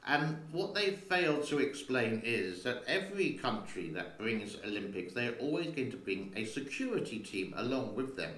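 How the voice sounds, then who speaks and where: Man host, casual rambling home vlog, mid-pitched, roomy echo. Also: very animated, moderate pace, hardly any pauses, fairly bright tone. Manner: rambling and chatty, talks to his cat. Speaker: channel host. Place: home studio.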